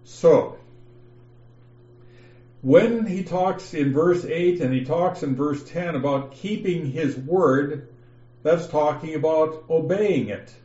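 A man teaching a Bible lesson, slowly reading passages aloud and explaining them step by step. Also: on the high side, mellow, reverberant, dull audio. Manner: slow, methodical, reads passages aloud with emphasis. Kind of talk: scripture lesson over an online call.

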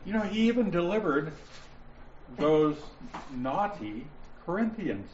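A man teaching a Bible study class, explaining points deliberately and stressing key words, with listeners answering him. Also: on the high side, sing-song, a little hiss or hum. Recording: roomy, dull lo-fi sound with faint ambience.

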